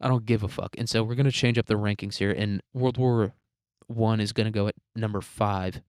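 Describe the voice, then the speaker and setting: A man's voice: fairly low pitch, steady tone, fairly quick, darkish tone, smooth, dry recording, studio quality. Crude rambling young man. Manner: rambling, crude, laughs often, lots of "like" and "dude". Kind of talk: casual profane ranking chat.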